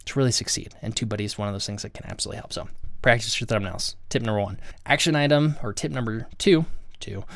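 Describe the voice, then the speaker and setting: Speaking casually to the camera on his channel, a lowish-voiced man gives sincere advice and often starts his sentences over. The audio carries no room sound.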